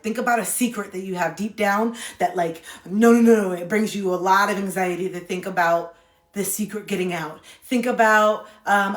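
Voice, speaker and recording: On a phone-recorded livestream, a woman with a medium-pitched voice gives spiritual advice in a casual, blunt, preachy way full of slang. The audio has a roomy sound.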